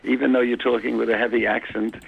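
A man's voice: medium pitch, level tone, fast talker, vocal fry, breathy edge, no room sound. A man with a New York accent, a cab driver calling in to a radio show, chatty and boastful about his city. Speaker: phone-in guest, cab driver. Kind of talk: phone-in radio chat. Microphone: telephone. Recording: tinny phone line.

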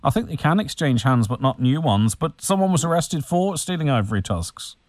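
A man hosting a radio interview, easygoing and halting, with many fillers. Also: a little high, big pitch swings, a little mellow, dry recording, clean studio sound. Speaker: radio host. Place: radio studio.

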